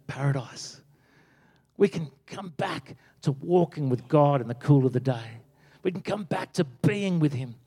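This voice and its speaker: A man's voice: fairly high pitch, dark tone. A middle-aged man preaching a sermon, telling stories with animation and acting out the quotes. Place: church. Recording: echoey church hall.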